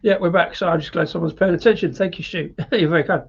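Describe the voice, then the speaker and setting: A man's voice: sits high, quick pace, gravelly, slightly rough, highs cut off. A British man hosting a live beer review, chatty and rambling with frequent laughs. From Britain.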